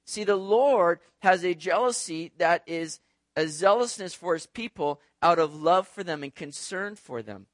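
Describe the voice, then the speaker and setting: High-voiced man preaching animatedly. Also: a little slow, no room sound, studio quality. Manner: animated, conversational preaching with rhetorical asides. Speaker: pastor. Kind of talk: sermon.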